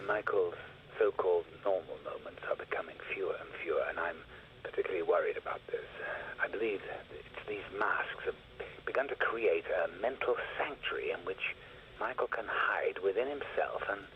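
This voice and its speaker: An actor playing a worried male psychiatrist who dictates clinical case notes in a grave, hushed way. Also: sits low, moderate pace, phone-quality sound, a little hiss or hum, lightly acted.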